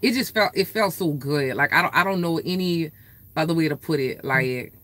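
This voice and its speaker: Woman, bright sharp voice, casual vlog storytelling, profane, rambling, animated. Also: sits low, moderate pace. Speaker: vlogger.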